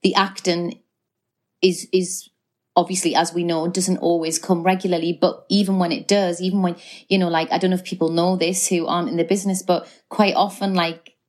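A middle-aged woman with a Geordie accent chats easily in a relaxed interview. Her voice sits a little low, and her talk runs loose, with fillers and self-corrections. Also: a little fast. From North East England. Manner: chatty, frequent fillers and restarts. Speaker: actress guest. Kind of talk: casual chat.

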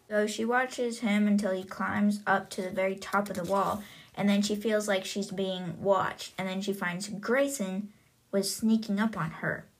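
A young woman hosting a podcast, casually retelling a book's plot in a chatty way with many fillers. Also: mid-range voice. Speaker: podcast host.

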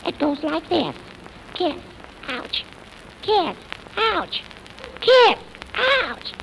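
A woman's voice: very high voice, sing-song, very slow, vocal fry, a bit bright, full character voice. An actress voicing a bratty, wisecracking little girl of three and a half in a 1940s radio comedy, full of sassy comebacks, on a noisy old broadcast recording. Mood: cheeky.

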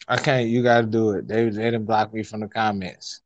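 A man co-hosting a casual podcast, joking and profane, telling stories with animated delivery. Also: fairly low pitch, a little fast, dull audio, very noisy. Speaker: podcast co-host. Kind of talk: casual live podcast banter.

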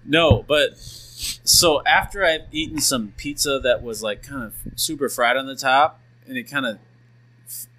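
Co-hosting a casual podcast chat, a man tells stories with animation and acts out what people said. His voice is medium in pitch and his pace a little slow.

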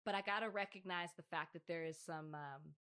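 A woman co-hosting a podcast, telling stories in an animated, emphatic casual chat. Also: on the low side, a little fast. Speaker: podcast co-host.

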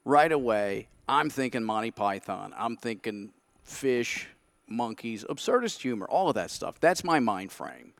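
A man's voice: medium pitch, lively intonation, measured pace, vocal fry, no room sound. A man telling a story in casual chat, acting out his own past thoughts. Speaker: podcast guest.

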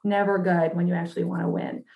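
A woman's voice: on the low side, flat delivery, quick pace, gravelly, highs cut off. Chatty, sassy woman podcast co-host. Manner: chatty and sassy, laughs often, lots of "like". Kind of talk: casual chat.

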